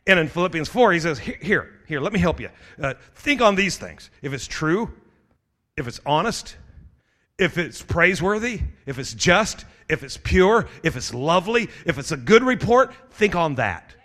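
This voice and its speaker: A middle-aged male pastor preaches with a high-pitched voice. He presses his listeners with urgent calls and builds to shouted exhortations. His tone is bright and forceful. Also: very animated, normal speed. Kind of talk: sermon.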